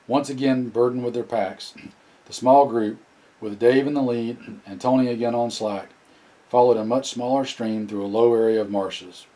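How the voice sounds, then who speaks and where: A man narrating an audiobook in a plain, steady reading with occasional restarts. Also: medium pitch, rough recording. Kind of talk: scripted narration.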